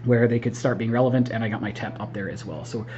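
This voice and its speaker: A man talks through his tabletop wargame match in a casual voice-over recap, chatty and quick to admit his own mistakes. His voice sits at a middling pitch. The audio is a bit dull and lo-fi. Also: steady tone, mellow, a little hiss or hum. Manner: chatty, self-critical, frequent ums and mm-hmms. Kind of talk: voice-over game recap commentary.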